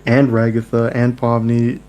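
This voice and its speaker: A man's voice: medium pitch, a little slow. A young man reading a dating-sim game aloud with friends, joking and laughing between lines. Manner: laughing, jokey, animated asides. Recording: mains hum behind.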